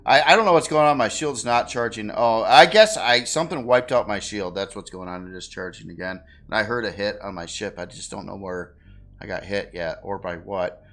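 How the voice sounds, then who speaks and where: A man's voice: lowish voice, a little fast, a bit bright. A man chatting casually while playing a game, easygoing and laughing often. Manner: easygoing, laughs often, flares up when frustrated. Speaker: game streamer. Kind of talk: casual gameplay chat.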